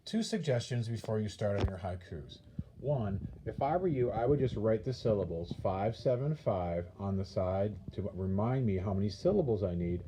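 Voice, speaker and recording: A man's voice: lowish voice, lively intonation, moderate pace, mellow, slight background noise. A man teaching a classroom lesson, patiently repeating points and counting things out step by step.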